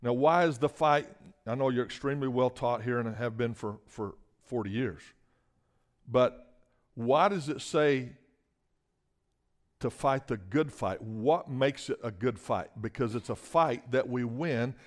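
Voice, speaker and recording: A man's voice: medium pitch, unhurried. A man preaching a sermon as a guest speaker. He talks emphatically, often repeats words and asks the room for an "Amen?".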